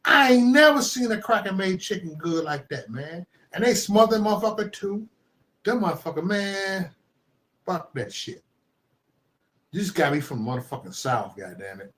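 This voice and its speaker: A man from Chicago hosting a live stream, delivering a profane comedic rant that swings into loud yelling. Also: sits high, lively intonation, moderate pace.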